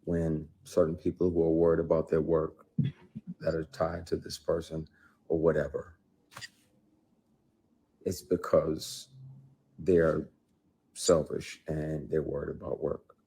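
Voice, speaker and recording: A man's voice: very deep voice, level tone, takes it slowly, long pauses, warm tone, husky. A man, an actor, talking unscripted to his viewers in a heated, blunt and profane way, hammering points with repeats. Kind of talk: unscripted live-stream talk to viewers.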